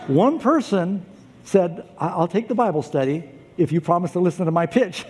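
A man preaching to a congregation, his voice sitting a little high but mellow, and he tells stories with lively, acted-out voices. The sound carries a long reverb from the hall, with faint ambience behind it. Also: moderate pace, breathy edge. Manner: animated storytelling, acts out voices, pitch jumps up for emphasis. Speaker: pastor. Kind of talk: sermon.

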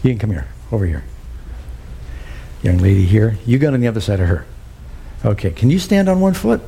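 A man's voice: on the low side, very animated, fairly quick, vocal fry, dark tone, a little hiss or hum. A man preaching a sermon to a church congregation, quoting scripture and asking the crowd "Amen?". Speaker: pastor.

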